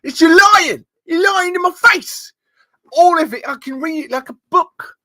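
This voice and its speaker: A man voicing a middle-aged TV lie-detector character, shouting accusations in a high, strained voice. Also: unhurried, dry recording, heavily acted. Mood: accusing.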